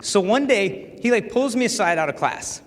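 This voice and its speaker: A man in his twenties giving a live talk to an audience, telling stories in a joking, animated way. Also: sits high, moderate pace. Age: 20s. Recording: long hall reverb.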